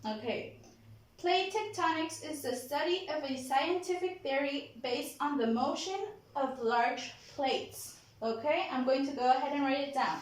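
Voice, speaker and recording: In a very echoey classroom, a high-pitched woman teaches a vocabulary lesson. She deliberately models each word's pronunciation slowly and keeps checking in with "okay?"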